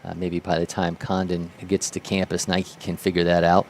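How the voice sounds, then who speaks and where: Low-voiced man calling baseball play-by-play. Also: normal speed, slight background noise. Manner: lively, rises sharply on big plays. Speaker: play-by-play commentator.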